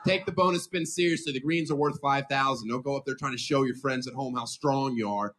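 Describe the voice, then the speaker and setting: A man doing a stand-up comedy set, delivering dark jokes in a dry, deadpan way with rhetorical questions. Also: mid-range voice, a little fast, few pauses, a little hiss or hum.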